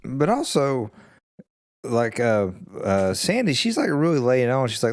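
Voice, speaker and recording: A man's voice: medium pitch, sing-song, unhurried, no room sound. A man co-hosting a podcast, talking loosely through a film scene with plenty of fillers and acted-out quotes. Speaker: podcast co-host. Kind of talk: casual movie review chat.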